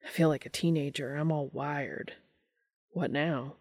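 For a fan fiction audiobook, a reader voices a cocky, joking adult male hunter who speaks casually and teases. The delivery is mid-range, a little slow and darkish in tone with fairly even intonation, in a dry recording with clean studio sound.

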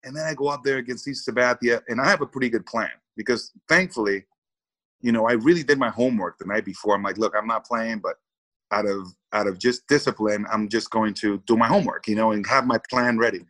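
A man's voice: on the low side, fast, a bit bright, low-quality recording. A man, a former baseball player, telling a story in an interview with lots of repeated words, acted-out quotes and laughter.

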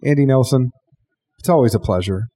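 A man's voice: mid-range voice, fairly quick, dark tone. A man hosting a podcast in a hotel bar, rambling through thanks and jokes in a casual chat. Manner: chatty, joking, rambling thanks. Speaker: podcast host. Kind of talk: casual interview wrap-up.

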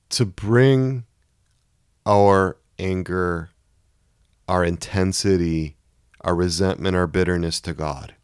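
Man, low voice, dry close sound, sermon, dramatic scripture reading. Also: a little mellow, dry recording. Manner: reads verses with rising anguished intensity. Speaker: preacher.

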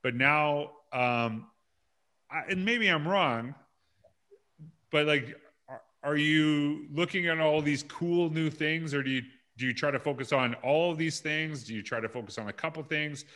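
A man hosting an education podcast, relaxed and conversational as he asks questions and reads quotes aloud. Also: a little high, measured pace. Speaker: podcast host. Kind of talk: casual interview talk.

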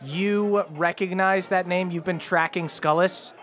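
A man narrating a tabletop game as game master, playful and quick to laugh. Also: high-pitched, fairly even intonation, fairly bright tone.

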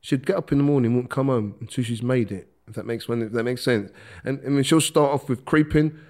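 A middle-aged man, telling stories as a podcast guest in a casual, animated way, acting out quotes and laughing as he talks. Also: medium pitch, brisk. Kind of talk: casual storytelling.

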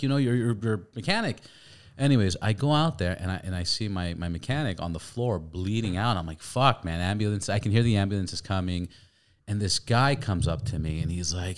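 A man hosting a podcast, chatting casually, swearing freely and telling animated stories. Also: low-pitched, fairly quick. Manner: profane, storytelling, animated. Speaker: podcast host. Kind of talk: casual chat.

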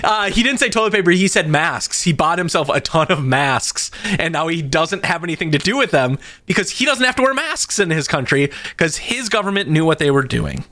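A man with a slightly high voice co-hosts a casual podcast and tells stories with lively jumps in pitch. He sounds close to the mic in a dry, dead room. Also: fairly quick, few pauses, no echo. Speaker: podcast co-host. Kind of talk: casual chat.

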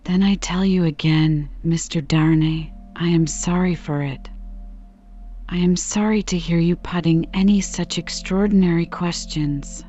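A woman voicing a loud, scornful, overbearing male lawyer in a dull lo-fi recording. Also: fairly low pitch, steady tone, measured pace, natural voice. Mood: bullying. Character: blustering bullying male lawyer.

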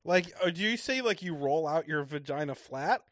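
A woman's voice: low voice, lively intonation, moderate pace, no room sound, studio quality. A woman co-hosting a casual recap podcast, chatty and joking. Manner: chatty, laughing, jokey asides. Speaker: podcast co-host.

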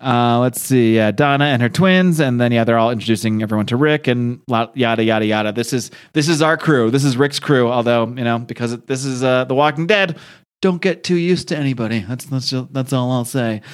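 A man's voice: medium pitch, fairly quick, clear, resonant tone. A man hosting a podcast, recapping a comic in a rambling, joking, casual way. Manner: rambling, laughing, swears casually. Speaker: podcast host.

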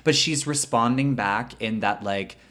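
A man's voice: medium pitch, measured pace, fairly bright tone. A man hosting a podcast, chatting casually and filling his talk with "like" and "um.". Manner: chatty, lots of likes and ums. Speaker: podcast host. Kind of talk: casual chat.

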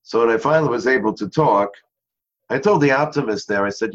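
A man guest in an interview, telling a story in an earnest way and slowing down on key phrases. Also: medium pitch. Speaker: interview guest, charity founder. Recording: dull lo-fi sound.

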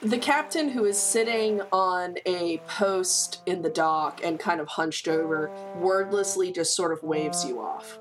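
A woman's voice: fairly low pitch, a little slow, few pauses, faint music behind. A woman running a tabletop game as game master, narrating scenes in a playful way and laughing easily.

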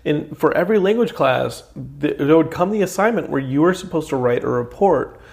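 A man's voice: fairly high pitch, expressive, fairly quick, creaky, darkish tone. A middle-aged man reminiscing in casual chat, rambling with lots of fillers and laughter.

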